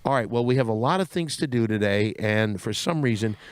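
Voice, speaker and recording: A man's voice: fairly low pitch, expressive, brisk. A man hosting a comedy video podcast, who makes announcements and scolds his co-hosts. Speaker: host.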